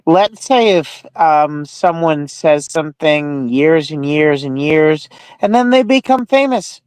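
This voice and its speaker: Male speaker, slow halting delivery, dry close sound. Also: a little high, animated, darkish tone, clear, resonant tone, no echo. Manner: slow, halting, stumbles over words. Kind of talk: casual banter.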